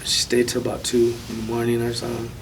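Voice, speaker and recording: A man speaking as an interview guest, telling a personal testimony in a soft, halting way with many pauses. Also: mid-range voice, monotone, vocal fry, recorded from a distance, slight background noise, low-quality recording.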